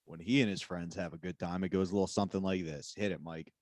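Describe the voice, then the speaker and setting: Co-host guy, lowish voice, dry close sound, playful banter. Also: fairly even intonation, fast, no room sound. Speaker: podcast co-host. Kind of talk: casual comedy chat.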